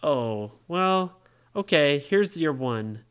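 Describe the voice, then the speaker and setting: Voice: mid-range voice, animated, extremely slow, smooth. A parent voicing a boastful, greedy young boy in a bedtime story told for a child. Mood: chatty. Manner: gloating, loud laughs.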